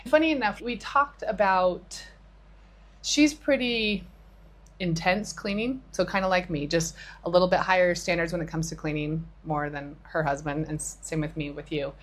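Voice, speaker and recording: A woman's voice: on the low side, moderate pace. A middle-aged woman co-hosting a podcast, chatting and retelling a conversation with a friend, with a few restarts. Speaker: podcast co-host. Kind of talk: casual chat.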